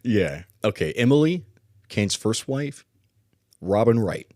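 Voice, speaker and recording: Low-voiced man casually chatting about films. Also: sing-song, slow, a little mellow, no echo, studio quality. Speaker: podcast co-host. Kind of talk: casual film chat.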